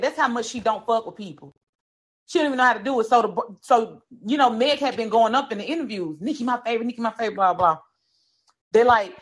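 Animated woman gossiping. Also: a little high, quick pace, breathy edge. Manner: animated storytelling, acting out quotes, heavy profanity. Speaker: podcast co-host. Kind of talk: casual gossip chat.

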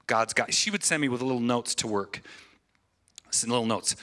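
A man's voice: medium pitch, lively intonation, normal speed, pushed and bright. A man in his thirties giving an earnest, emotional testimony in a church sermon, often restarting his phrases. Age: 30s.

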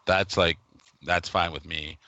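Crude, bright-voiced Canadian man. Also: low-pitched, fairly even intonation, measured pace, no room sound. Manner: crude, swears a lot. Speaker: podcast co-host. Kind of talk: casual chat. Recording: dull lo-fi sound.

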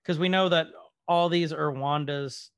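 A man's voice: fairly high pitch, steady tone, a little slow, fairly bright tone, smooth, dry recording, studio quality. A man co-hosting a podcast, casually recapping a TV episode with lots of ums and trailing asides. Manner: rambling with many fillers. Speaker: podcast co-host.

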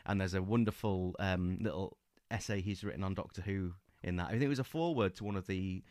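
A man's voice: sits low, fast talker, darkish tone. A man co-hosting a podcast, chatting casually and enthusiastically about books, with lots of fillers and restarts. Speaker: podcast co-host. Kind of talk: casual book-club chat.

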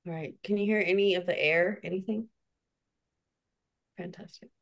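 A woman's voice: fairly low pitch, steady tone, moderate pace. A woman co-hosting a podcast in casual chat, teasing and coaching her partner. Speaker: podcast co-host.

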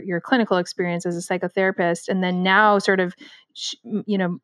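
A woman's voice: medium pitch, no room sound, clean studio sound. A woman podcast host asking long, winding interview questions with many fillers.

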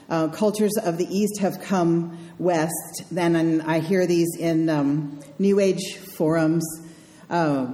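A woman minister delivers a conversational sermon, dropping dry, wry asides as she goes. Her voice is mellow and relaxed. The sound rings out with the long echo of a large sanctuary. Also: on the low side. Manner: wry, dryly humorous asides. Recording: echoey hall sound.

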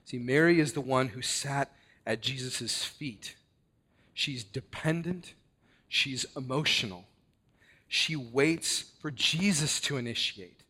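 A man preaching a sermon with earnest, deliberate delivery and dramatic emphasis. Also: mid-range voice, pushed and bright, slightly rough.

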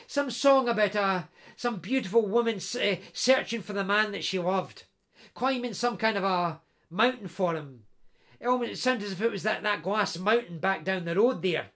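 A man's voice: high voice, a bit bright. A man voicing a boisterous young best friend, jovial and chatty, nudging his friend along.

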